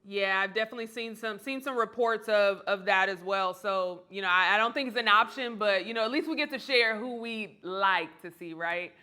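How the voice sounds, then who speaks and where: A woman hosting a comedy news show, steering the panel with brisk questions. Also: medium pitch, bright, forceful tone, smooth. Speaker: host.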